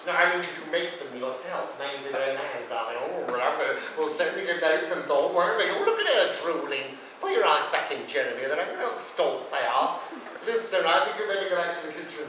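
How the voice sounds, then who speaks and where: A man's voice: a little high, lively intonation, brisk, sharp tone. An actor playing a camp, waspish older male comic raconteur in a live solo show, drawling and swooping theatrically. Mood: camp banter. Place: drama studio, live for students. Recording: echoey room, mic far off, faint hiss.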